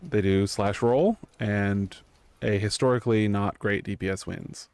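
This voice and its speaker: A man's voice: lowish voice, a little slow, darkish tone, clean tone, no echo. A man streaming live, telling a story in a loose, rambling way with lots of fillers. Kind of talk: casual chat.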